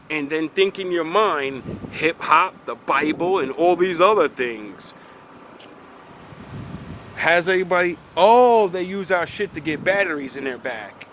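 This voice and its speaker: A man's voice: on the high side, animated, a little slow, a bit bright, slight background noise. A man giving a blunt, profane, rambling opinion monologue outdoors by a street. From United States. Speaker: vlogger.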